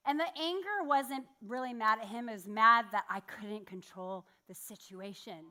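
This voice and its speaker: A woman's voice: fairly high pitch, normal speed, bright, forceful tone. A woman giving a sermon, telling a personal story in a candid, self-deprecating way with laughs. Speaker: church speaker.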